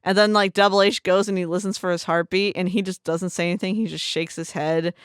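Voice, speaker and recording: A young woman co-hosting a podcast retells a video game scene casually and with lots of energy, doing voices to act it out. Her lowish voice is clear and resonant, and she talks briskly over a dry, studio-quality recording.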